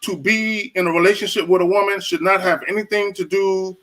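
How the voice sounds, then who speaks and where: A man's voice: sits high, steady tone, fairly quick, fairly bright tone, poor audio. A man on an online panel, blunt and profane, stressing his points hard. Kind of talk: casual panel chat.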